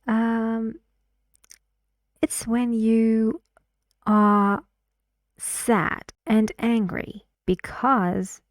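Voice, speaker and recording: A woman teaching English pronunciation, modelling each word loudly, repeating it, and giving soft explanations in between. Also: mid-range voice, no echo, clean studio sound. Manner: models words loudly and repeats them, drops to soft asides. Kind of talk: slow, deliberate pronunciation lesson.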